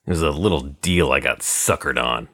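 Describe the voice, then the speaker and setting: A man's voice: rumbling low, moderate pace, a bit bright, voice pushed down. A man voicing a hard, wary male gangster on the run, in clipped, guarded tough-guy talk. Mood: grim. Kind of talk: audiobook character voice.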